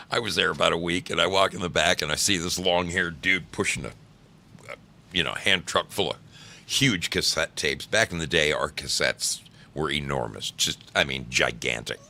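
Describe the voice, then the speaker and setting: A man's voice: low-pitched, normal speed, vocal fry, pushed and bright. A middle-aged man hosting a live stream, greeting chat by name and telling laid-back, swearing work stories.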